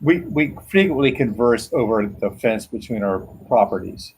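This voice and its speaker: A husky, slightly breathy middle-aged man chats casually, telling rambling stories full of swearing. He laughs often and trails off mid-sentence. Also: mid-range voice, animated, normal speed, darkish tone, poor audio. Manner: profane, rambling storyteller, laughs a lot. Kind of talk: casual chat.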